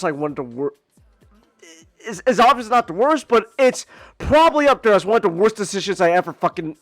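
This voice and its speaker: A man hosting a casual podcast, ranting and stammering, repeating words and swearing, dropping to mutters then climbing to near-yells. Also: sits high, dry recording. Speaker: podcast host.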